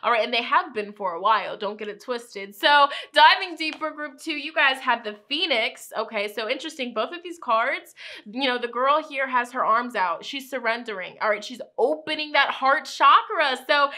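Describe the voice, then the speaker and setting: A woman reads tarot cards in a bright, forceful voice that sits a little high. Her delivery is chatty and encouraging, and she keeps tossing in "okay?" and "you know" as she goes. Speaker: tarot reader. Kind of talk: upbeat tarot reading.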